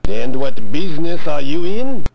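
A haughty photographer with a put-on French accent for an adventure game. His voice is gravelly and swoops wildly up and down as he brushes callers off. He sounds dismissive and brusque. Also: fairly high pitch, sing-song, unhurried, a little mellow, slight background noise, full character voice. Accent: fake French. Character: snooty exclusive male photographer, brusque.

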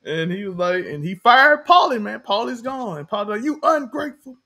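Lively young man recapping a show. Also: high voice, normal speed. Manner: animated, laughing, acts out quotes in character voices. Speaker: show co-host. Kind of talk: casual TV recap chat.

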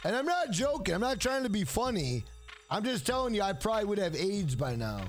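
Male streamer, high animated voice, rambling and swearing. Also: brisk, soft background music. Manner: rambling, profane, repeats "bro". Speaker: livestreamer. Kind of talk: casual stream chat and storytelling.

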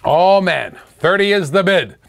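A man's voice: high-pitched, animated, measured pace, gravelly. A middle-aged man from Canada hosting a live auction stream, calling bids, laughing and chatting with viewers.

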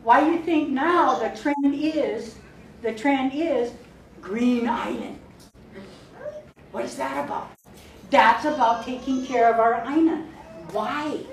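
A woman's voice: fairly high pitch, slight background noise. Hawaiian woman teaching in an echoey hall. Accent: Hawaiian Pidgin-tinged English. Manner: chatty and playful, laughs often, mixes in Hawaiian words. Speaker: spiritual teacher. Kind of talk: informal workshop talk. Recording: echoey room, distant mic, faint ambience.

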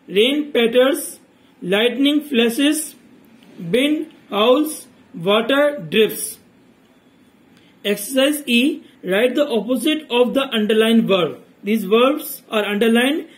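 A man with a very high voice works through grammar exercises as a teacher. He reads each sentence aloud and explains the answer in a steady, methodical manner. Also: rough recording.

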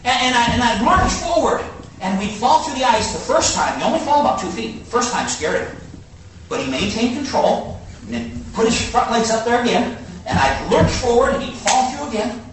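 A man preaches with a high, lively voice that leaps between hushed low asides and bright exclaims, spinning a folksy story. He sounds far from the mic, and the big church hall rings around him with a faint hiss underneath. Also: normal speed. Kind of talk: sermon with storytelling.

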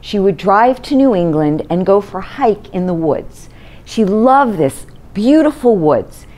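A woman's voice: mid-range voice, a little slow. A woman presentation coach giving a short storytelling talk to an audience, acting out the voices of people in her story. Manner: lively storyteller, acts out voices in quotes.

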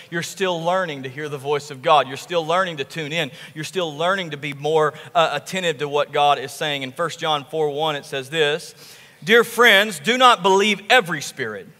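A male pastor preaching a sermon, telling the story with animated, emphatic repetition. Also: on the high side, brisk, hardly any pauses, in a large hall. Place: church sanctuary.

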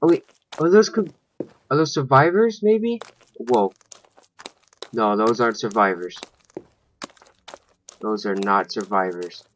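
A man's voice: medium pitch, slow pace, long pauses, a little hiss or hum. A man giving let's play commentary, thinking aloud and swearing when startled. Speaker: gaming channel host.

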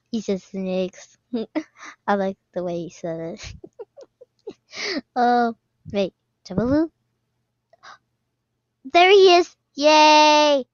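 A woman commenting on a game as she plays, excitable, often squealing and laughing. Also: high voice, drawn-out words, pauses often, dry recording. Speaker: gaming video creator. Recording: slightly dull lo-fi sound, dry.

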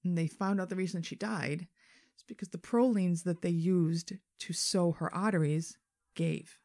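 A woman co-hosting a podcast, telling a true-crime story in casual chat, animated and swearing freely. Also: on the low side, normal speed. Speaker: podcast co-host.

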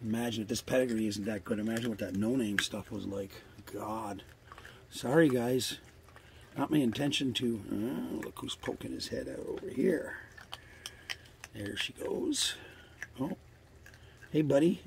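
A man's voice: medium pitch, expressive, a little slow, creaky, long pauses, background noise. An older man casually vlogging outdoors by a trailer near the woods, rambling and coaxing animals fondly, swearing now and then. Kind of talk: casual outdoor vlog narration.

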